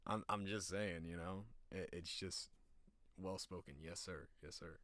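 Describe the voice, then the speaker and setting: A young man with a notably deep, low voice talks loosely on his stream. His speech rambles and swears freely, with animated bursts as he tells stories. The sound is close and dry, with no room around it. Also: unhurried, dry recording. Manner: profane, rambling, animated storytelling. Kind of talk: casual stream chat.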